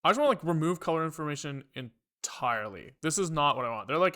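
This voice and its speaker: A man's voice: fairly high pitch, lively intonation, quick pace, bright, forceful tone. A man streaming live as he codes, thinking aloud in a rambling, profane way with wry asides to his chat. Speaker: programming livestreamer. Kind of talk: casual live coding talk.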